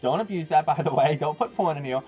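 A young man chatting casually to his live-stream viewers while playing a game, rambling, excitable and quick to laugh. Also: fairly high pitch. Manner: rambling, excitable, laughs often, talks to chat. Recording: dull lo-fi stream audio with game music. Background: game music.

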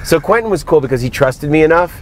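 A man telling animated stories as a guest in a moving car, acting out quotes in other voices. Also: on the high side, fast talker, a little hiss or hum. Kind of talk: casual storytelling in a car.

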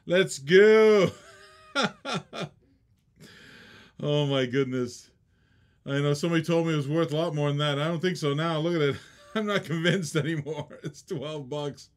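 A man's voice: a little high, a bit bright. Playful man calling out auction bids. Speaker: live auction co-host. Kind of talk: live auction banter.

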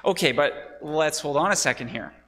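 A man's voice: fairly high pitch, lively intonation, normal speed, pushed and bright. A man preaching a sermon to his congregation, teaching as he goes and putting questions to the listeners. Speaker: pastor. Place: church sanctuary. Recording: long church reverb.

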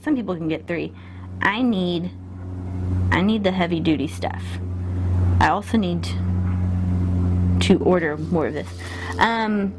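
A woman's voice: mid-range voice, slight background noise. A woman chatting casually through a self-filmed lash tutorial, stopping herself mid-sentence and laughing at her own slips while she works. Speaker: beauty vlogger. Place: indoors at a mirror.

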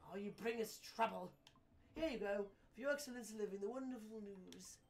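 A woman's voice: mid-range voice, brisk, a little mellow, natural voice. Brief: a woman doing a mock-grand, sarcastic painter in a game, distant mic with faint noise. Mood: sarcastic theatrical. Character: sarcastic theatrical male painter, mock-cheerful.

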